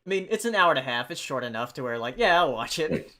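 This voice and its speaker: A man hosting a podcast in casual chat, talking hesitantly and filling pauses with "um" and "like". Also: medium pitch, very animated, pushed and bright. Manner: hesitant, many fillers. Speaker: podcast host.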